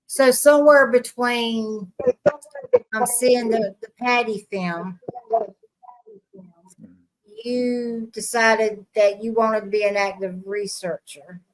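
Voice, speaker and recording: A woman's voice: fairly high pitch, slow, long pauses, low-quality recording. A woman hosting a podcast, asking long, winding interview questions. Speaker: podcast host.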